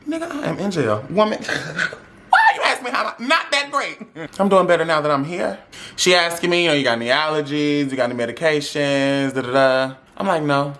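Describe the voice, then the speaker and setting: A man's voice: medium pitch, a bit bright. A young man speaking tells a dramatic, sassy story to his audience, acting out every voice in it. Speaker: vlogger telling a story. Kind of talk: animated storytime.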